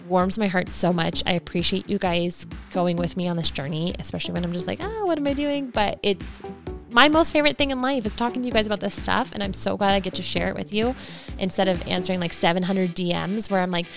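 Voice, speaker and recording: A woman's voice: mid-range voice, fairly even intonation, fast, gravelly, over music. A young adult woman hosting a solo recap podcast, chatting casually, opinionated and rambling with lots of fillers. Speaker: podcast host.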